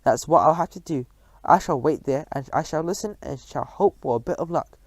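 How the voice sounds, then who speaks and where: A man's voice: fairly high pitch, a little fast, no echo. A man reading a storybook aloud, voicing a clever young boy turned into a mouse who speaks eagerly and earnestly.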